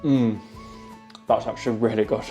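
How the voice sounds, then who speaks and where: A man talks straight to camera about his home garden and baking, earnest and chatty with a self-mocking streak. His voice sits at an ordinary middle pitch, with soft music running quietly underneath. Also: moderate pace. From Yorkshire, England. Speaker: gardening vlogger. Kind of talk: casual vlog talk to camera.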